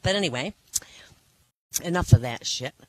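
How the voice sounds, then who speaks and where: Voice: moderate pace, no room sound, rough recording. A comedian hosting a small cafe comedy night and telling jokes to a live crowd. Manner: animated, jumps into high voices for characters in jokes. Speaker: stand-up comedian and host. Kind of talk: stand-up joke telling.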